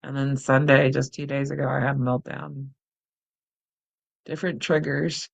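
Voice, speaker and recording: A middle-aged woman hosting a guided breathing practice, speaking softly and laughing at herself now and then. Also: rumbling low, flat delivery, vocal fry. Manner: soft and unhurried, laughs at herself. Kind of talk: gentle guided meditation, chatty asides. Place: home, close to the camera. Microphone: camera mic, close.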